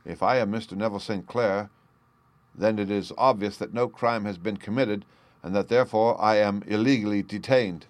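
A man voicing an ashamed gentleman prisoner who tells his story earnestly and pleadingly. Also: fairly low pitch, fairly even intonation, moderate pace, no echo, lightly acted. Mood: resigned.

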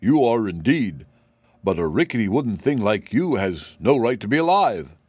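A man's voice: lowish voice, sing-song, moderate pace, a little mellow, slightly rough, no echo, clean studio sound. A man voicing a proud, vain old male cab horse who talks down with lofty pity. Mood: indignant. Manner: boastful, pitying, lofty.

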